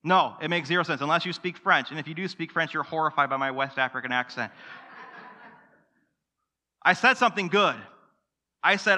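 A man's voice: fairly high pitch, normal speed, long pauses, bright, forceful tone, big-room sound. A man preaching a sermon to his church, telling a story and asking the congregation rhetorical questions. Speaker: pastor. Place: church sanctuary.

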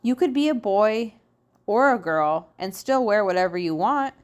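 A woman's voice: mid-range voice, lively intonation, moderate pace, close to an everyday voice. A woman voicing a curious young schoolboy who keeps asking puzzled questions in a storybook reading.

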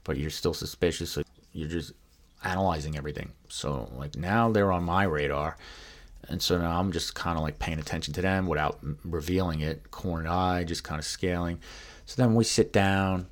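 Low-voiced man telling a profane story. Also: moderate pace. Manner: profane, rambling, with many fillers and restarts; acts out other people's lines in quoted voices. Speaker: guest recounting his past. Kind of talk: casual spoken storytelling.

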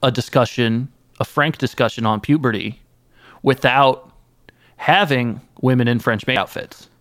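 Deadpan man in a comedy interview. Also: medium pitch, a little slow, no room sound, clean studio sound. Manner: mock-earnest, absurd deadpan storytelling. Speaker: guest playing an anime creator.

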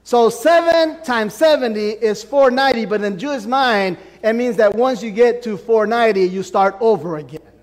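High-voiced preaching man, hall reverb. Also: moderate pace. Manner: emphatic preaching with sweeping pitch and volume. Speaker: pastor. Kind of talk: sermon.

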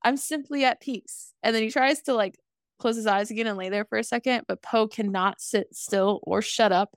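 Brief: twenties woman co-host, sassy casual recap, mid pitch, dry close sound. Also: fairly even intonation, dry recording. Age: 20s. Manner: sassy, swears freely, acts out lines in quick voices. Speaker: podcast co-host. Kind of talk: casual movie recap chat.

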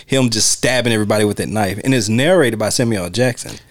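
A man with a somewhat low voice talks through a movie on a podcast. He chats loosely and slips into little acted-out lines as he retells scenes. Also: quick pace. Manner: animated retelling, acts out quotes. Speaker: podcast host. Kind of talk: casual film discussion.

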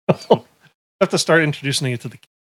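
A man's voice: on the high side, brisk, pushed and bright, dry recording. Male brewery-owner guest, easygoing, laughs a lot, dry close sound. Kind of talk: casual chat.

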